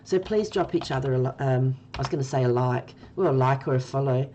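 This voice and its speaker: A woman's voice: rumbling low, a little fast, dark tone, highs cut off, a little hiss or hum. A woman streaming a game live, chatting with her viewers by name and laughing often. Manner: giggly, laughing often and talking to chat by name.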